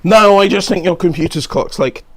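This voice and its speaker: A man's voice: sits high, normal speed, background noise. A man co-hosting a casual tech stream, bantering in a dry, matter-of-fact way. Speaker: co-host of a tech talk stream. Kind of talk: casual chat.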